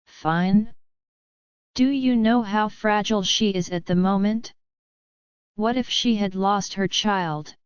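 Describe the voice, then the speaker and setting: A woman's voice: medium pitch, slow, pauses often, smooth, no echo, lo-fi sound, natural voice. A woman voicing a furious, protective young male war god who speaks angrily. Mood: angry.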